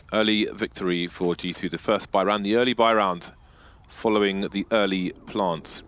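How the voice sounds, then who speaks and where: A man's voice: deep voice, fairly even intonation, normal speed, fairly bright tone. A man commentating an esports match play by play, with jokes and banter between the calls.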